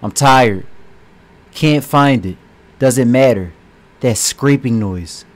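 An actor playing a tired, troubled man in a game, speaking quietly and uneasily. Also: medium pitch, takes it slowly, lightly acted. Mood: weary. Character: weary troubled man narrating his thoughts.

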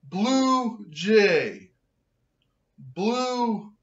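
A man delivering a loud, angry comedic rant, with slow drawn-out shouted outbursts. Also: sits high, big pitch swings. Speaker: comedic vlogger ranting to camera. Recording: dull lo-fi recording.

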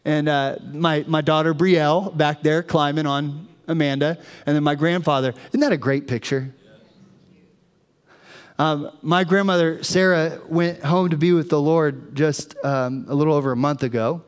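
A man's voice: fairly high pitch, normal speed, clean tone. A man preaching a sermon in a church, telling stories animatedly to the congregation. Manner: animated storytelling, addressing the congregation. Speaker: pastor. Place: church sanctuary. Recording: long reverb of a church hall.

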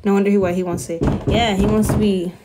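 A woman's voice: medium pitch, fairly even intonation, fast, very noisy. A young woman, chatting on a phone live stream from her bedroom, with lots of fillers and laughter. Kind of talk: casual live-stream chat.

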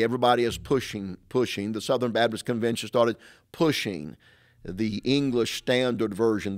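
A middle-aged man, a pastor, giving a sermon-style talk, emphatic and repetitive, full of rhetorical questions. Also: medium pitch.

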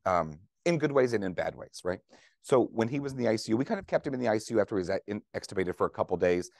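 A man's voice: on the low side, expressive, rapid-fire, a little mellow, dry recording, studio quality. A man who is a veteran trauma nurse giving a conference lecture to clinicians, conversational and joking, often asking the room questions. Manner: conversational, jokey, asks audience questions.

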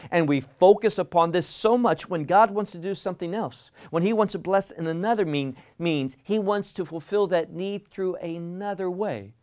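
A man with a high voice and a darkish tone teaches through a Bible passage verse by verse. He is deliberate and emphatic, often repeating words for stress.

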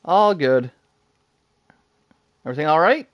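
A man giving live commentary while he plays a game, excitable, talking to himself and laughing often. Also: a little high, unhurried, dry recording, dull audio. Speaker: gaming streamer.

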